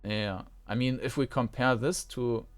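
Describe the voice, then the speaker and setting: A man giving casual let's-play commentary as he plays a role-playing game. He muses and thinks aloud at an ordinary middle pitch. Soft game music plays faintly behind his voice. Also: steady tone, unhurried. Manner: musing, thinks aloud with fillers.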